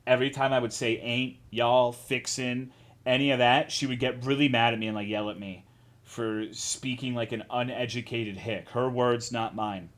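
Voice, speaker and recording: A man's voice: mid-range voice, fairly even intonation, moderate pace, fairly bright tone. A man from Texas streaming, chatting casually and answering his chat in a rambling, profane, self-deprecating way. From Texas, USA.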